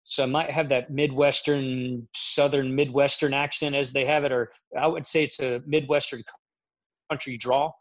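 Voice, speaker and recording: A middle-aged man from Central Florida talks as a veteran guest in a casual interview. He rambles, stops to correct himself, and speaks frankly. His voice sits at an ordinary male pitch, and the audio is a little dull and low-fidelity. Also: level tone, moderate pace.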